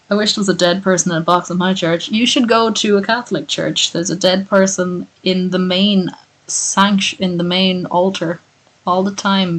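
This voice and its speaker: A woman's voice: on the low side, rough recording. A woman streamer chatting casually and profanely after a long reading, tired and with a sore voice. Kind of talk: casual chat.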